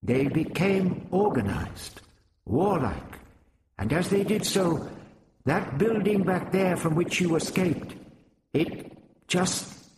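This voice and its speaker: A man doing a stilted, high-voiced winged alien. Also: lively intonation, slow pace, a little mellow, a little hiss or hum. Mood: grave. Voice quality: high-pitched, stilted accent.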